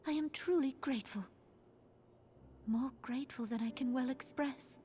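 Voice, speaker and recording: An actress voicing a gracious young queen in a video game, speaking formally and softly. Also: high-pitched, normal speed, lightly acted. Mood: earnest. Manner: formal, grateful and soft. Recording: game music behind.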